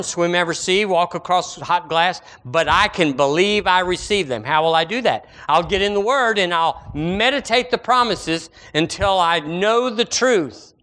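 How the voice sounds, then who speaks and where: A man's voice: high voice, pushed and bright. A man preaching a sermon as pastor, emphatic and repetitive, swinging his voice up and down.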